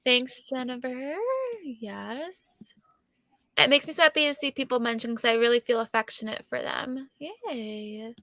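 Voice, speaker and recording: A woman's voice: a little high, a little slow, bright, forceful tone, no echo, studio quality. A young adult woman hosting a casual reading livestream, chatty and full of fillers, laughing often. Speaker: livestream host. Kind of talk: casual chat.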